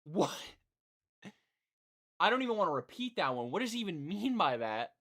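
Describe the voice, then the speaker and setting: A man live-streaming his reaction to a song, with blunt, exclaiming comments and quick critical asides. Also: high-pitched, very animated, sharp tone.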